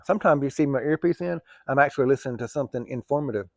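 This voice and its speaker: A man's voice: medium pitch, rapid-fire, no echo. A man who drives trucks, telling stories in a rambling, chatty way, swearing casually and laughing easily. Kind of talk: casual storytelling.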